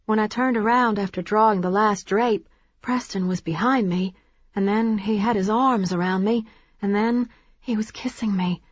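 A woman narrates a first-person audiobook with steady, wry storytelling. Her voice is husky, and the recording is dry and a bit dull. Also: medium pitch, dry recording.

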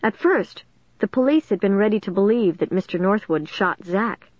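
A woman reading a first-person story aloud in a steady, measured way. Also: medium pitch, dry recording, muffled recording. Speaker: audiobook narrator.

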